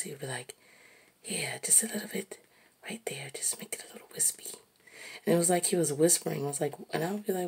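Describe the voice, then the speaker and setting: A woman musing aloud while she draws, slow and reflective, sometimes dropping to a soft whisper. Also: sits low, creaky, breathy edge. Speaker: artist narrating while drawing. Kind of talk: reflective casual monologue.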